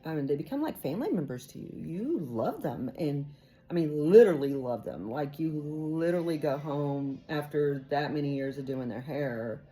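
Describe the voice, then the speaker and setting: A woman's voice: low-pitched, expressive, normal speed, mellow, slightly rough, low-quality recording. A woman, a hairdresser chatting casually to camera in her salon, rambling with lots of fillers. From Texas. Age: 50s. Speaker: hairdresser vlogger. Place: hair salon.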